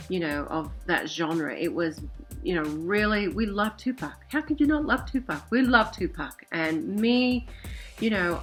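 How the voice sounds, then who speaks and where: A woman's voice: lowish voice, a bit bright. A woman in her forties telling a personal story casually, rambling with many fillers and asides. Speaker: vlogger.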